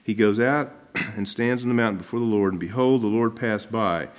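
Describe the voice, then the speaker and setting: Brief: middle-aged male pastor, slightly low voice, reads scripture then explains it in plain chatty terms. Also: normal speed. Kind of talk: sermon.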